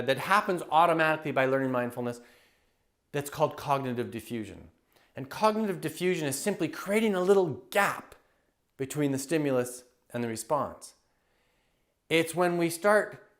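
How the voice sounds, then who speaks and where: Enthusiastic man, a touch high-pitched. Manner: enthusiastic, animated storyteller who acts out everyday scenes. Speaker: happiness coach and public speaker. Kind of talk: motivational teaching talk to camera.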